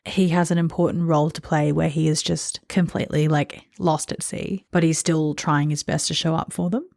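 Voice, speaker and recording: A woman's voice: deep voice, fairly even intonation, normal speed, creaky, a little mellow, no echo, clean studio sound. A woman co-hosting a podcast in a casual book discussion, earnest and thoughtful, with plenty of fillers like "like" and "you know". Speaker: podcast co-host.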